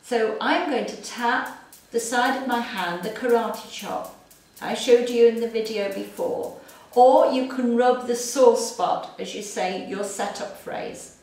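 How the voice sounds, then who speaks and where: A woman working as a tapping-therapy trainer, explaining steps and repeating practice phrases in a steady teaching voice. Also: on the high side, measured pace. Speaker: EFT trainer. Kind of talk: instructional demonstration. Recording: echoey room, far from the mic.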